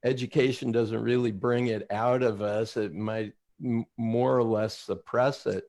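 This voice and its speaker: A man's voice: mid-range voice, steady tone, a little slow, darkish tone. A middle-aged man, a talk show guest, speaking earnestly about a mission. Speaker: guest, education company founder.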